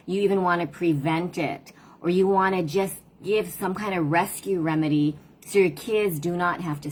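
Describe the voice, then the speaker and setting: A middle-aged woman and parent coach, talking casually and reflectively in a livestream. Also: low voice. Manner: reflective, conversational, tells stories about her daughters.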